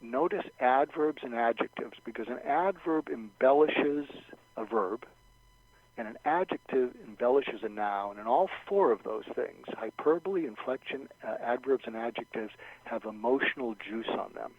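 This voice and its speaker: Speaking at a normal speed in a slightly rough, mid-range voice, this male guest expert offers interview advice. He is animated, acting out sample phrases and frequently starting over as he explains techniques, heard through a dull, dry, lo-fi recording.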